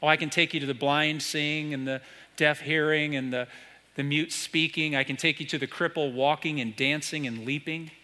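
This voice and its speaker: An American man preaches from a stage, his voice bright and forceful, pitched a little above the usual. He tells stories and throws rhetorical questions at the congregation. A long hall reverb trails every phrase. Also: fairly even intonation, normal speed. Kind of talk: sermon. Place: church stage.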